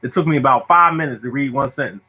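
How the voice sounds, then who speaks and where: A man hosting a lottery show, casually telling stories to viewers in an animated, joking, self-mocking way. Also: medium pitch, fast, breathy edge, low-quality recording.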